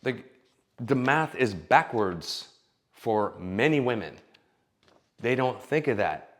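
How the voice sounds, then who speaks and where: A man's voice: mid-range voice, very animated, slow, long pauses, fairly bright tone. Blunt, opinionated man. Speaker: vlogger giving dating advice. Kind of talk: casual opinion rant.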